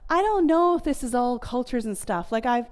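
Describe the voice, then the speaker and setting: A woman's voice: on the high side, lively intonation, normal speed, darkish tone. A woman in her thirties with an American accent, speaking casually to an audience about family communication, with many fillers. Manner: chatty, many fillers like "like" and "you know".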